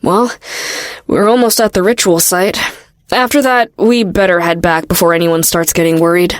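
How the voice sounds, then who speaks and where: A woman voicing a bold, teasing young woman adventurer in an audiobook, talking in a low, relaxed and wry way. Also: normal speed, no echo, clean studio sound, close to an everyday voice. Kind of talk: audiobook character voice.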